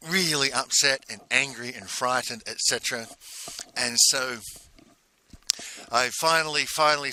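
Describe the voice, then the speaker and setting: A man telling a personal story in a casual, halting way, full of restarts and repeated words. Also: medium pitch, sharp tone. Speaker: speaker recounting a personal exercise.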